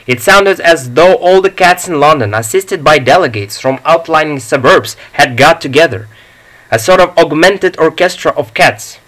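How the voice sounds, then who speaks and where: A man narrating a comic story as an audiobook in a measured, deliberate reading. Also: a little high, animated, fairly bright tone, low-quality recording.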